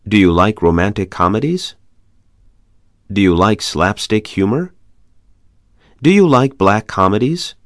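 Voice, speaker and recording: A man reading English conversation practice questions aloud in a measured, even way. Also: lowish voice, dry recording, studio quality. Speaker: English lesson reader.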